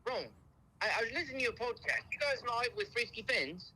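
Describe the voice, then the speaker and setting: Fake-British angry customer, high and bright, stammers and blusters. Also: male voice, fast talker, breathy edge, exaggerated voice, low-quality recording. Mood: angry, blustering. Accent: put-on British. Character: irate male customer faking a British accent. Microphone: phone call.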